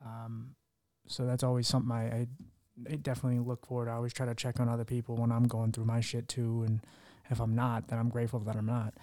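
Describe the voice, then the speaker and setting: A young man hosting a podcast, talking candidly about his own life. He rambles, swears casually and acts out quotes in a higher voice. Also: monotone, quick pace, warm tone, dry recording, clean studio sound. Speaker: podcast host. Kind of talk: candid conversational interview.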